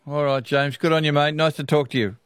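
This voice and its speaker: A man's voice: on the high side, fairly even intonation, brisk, clear, resonant tone, no echo. A man with an Australian accent hosting talkback radio, chatting folksily with callers and laughing easily. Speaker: radio host taking calls. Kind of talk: casual talkback radio chat.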